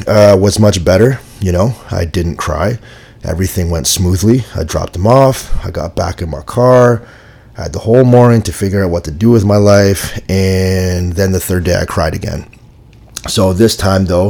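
Deep gravelly guy doing a chill solo podcast rant, husky, swears a lot, middle-aged. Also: a little mellow. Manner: laid-back, candid, swears freely. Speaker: podcast host. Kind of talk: casual monologue.

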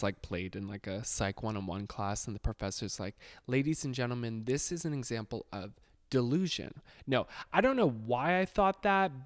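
A man telling a comedic storytime, full of sarcastic self-deprecating asides and quick laughs. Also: medium pitch. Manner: laughs often, lively mock quotes.

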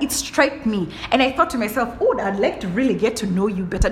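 A young adult woman hosts her own podcast as a casual solo monologue, telling animated stories and often saying "like" and asking "do you understand?" Her voice is fairly high and fairly quick with few pauses, and there's a little hiss or hum.

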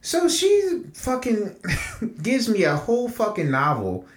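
A man telling stories on a casual podcast, swearing freely. His voice sits fairly high and swings widely in pitch. He sounds like he is in an echoey room. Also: slow. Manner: animated, profane storytelling. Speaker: podcast co-host.

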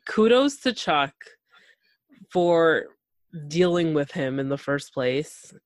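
A woman hosting a casual TV recap chat, animated and gushing, acting out quotes from the show. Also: sits low, slow pace, dry recording. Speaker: podcast host.

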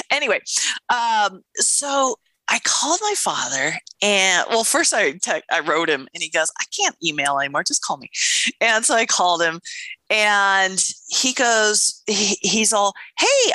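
A middle-aged woman co-hosts a podcast, telling stories animatedly in casual conversation, acting out quotes and swearing offhandedly. Her voice is fairly high, pushed and bright, with no echo.

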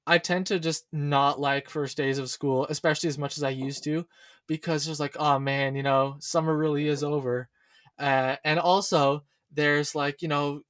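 Brief: young man, slightly high voice, playful rambling delivery full of fillers, casual podcast co-host. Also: a bit bright, no room sound. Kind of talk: casual chat.

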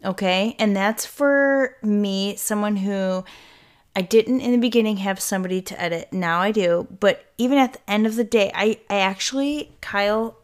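Talking at a moderate pace in a mid-range voice, a woman runs her own casual solo podcast. She rambles and interrupts herself, swearing without restraint.

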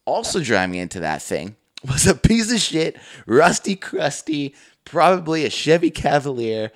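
With a slightly high voice at normal speed, a young man co-hosts a podcast and shares stories in casual talk. He's an animated, foul-mouthed storyteller who acts out everyone's lines.

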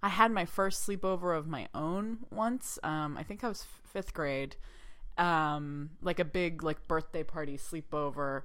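A teasing, chatty woman co-hosting a podcast, with a voice lower than most women's. She trades jokes easily and laughs freely as the talk rolls along. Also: unhurried, a bit bright. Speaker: podcast co-host. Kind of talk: casual chat.

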